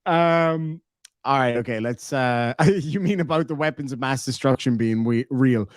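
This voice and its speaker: A man's voice: mid-range voice, normal speed, no echo, studio quality. A man with an Irish accent hosting a livestream, reading super chats aloud in a joking, playful way. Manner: joking, playful, laughs often. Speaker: livestream host.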